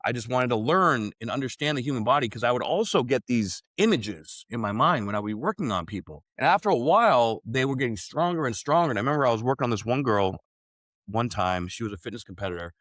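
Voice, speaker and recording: Man, podcast guest, earnest and reflective storytelling, mid-pitched voice, dry close recording. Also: animated, quick pace, a bit bright, no room sound. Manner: earnest, reflective, fillers like "like" and "right?". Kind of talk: casual storytelling in conversation.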